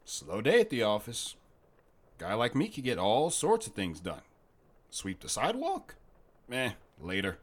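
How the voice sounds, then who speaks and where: Warm-hearted butcher, husky voice, lively teasing lilt, acted by a man. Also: mid-range voice, moderate pace. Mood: playful. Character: kindly middle-aged male butcher, playful and protective. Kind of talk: radio drama acting.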